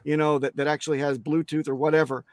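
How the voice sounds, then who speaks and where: A man's voice: fairly high pitch, level tone, fast talker, dry recording, clean studio sound. A man speaking as a guest on a crypto interview show, emphatic and blunt, swearing casually and restarting his sentences often.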